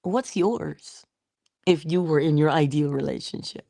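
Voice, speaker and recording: A woman giving a spiritual motivational talk in a soft-spoken way, often dropping into whispers, with playful, affectionate asides. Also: sits low, a little slow, vocal fry, dry recording, studio quality. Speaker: inspirational speaker.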